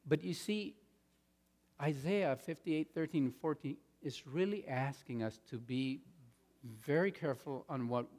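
Emphatic pastor preaching in a reverberant hall. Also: male voice, medium pitch. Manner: emphatic, swings between loud stresses and quiet asides. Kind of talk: sermon. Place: church sanctuary. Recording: long reverb of a large hall.

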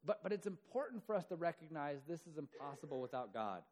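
A man's voice: a little high, sing-song, fast, darkish tone. A man preaching a sermon in a conversational way, acting out the quoted voices as he goes. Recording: long hall reverb.

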